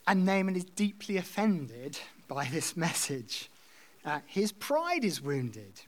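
Man preaching a relaxed sermon. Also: on the high side, takes it slowly. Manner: conversational, reads scripture aloud and explains it. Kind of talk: expository sermon.

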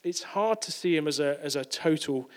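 A man's voice: a little high, expressive, moderate pace. A man preaching a sermon in a conversational way, often repeating and correcting words.

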